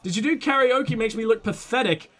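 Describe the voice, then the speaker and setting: A man hosting a let's play of a detective game, excitable, swearing and laughing as he reads dialogue aloud. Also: very high-pitched, brisk. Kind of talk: gaming commentary and reading dialogue aloud.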